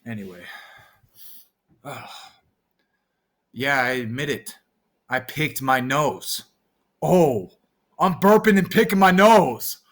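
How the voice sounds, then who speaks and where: A man vlogging and rambling through silly off-the-cuff freestyle raps, bursting into shouts now and then. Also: mid-range voice, expressive, slow, pauses often.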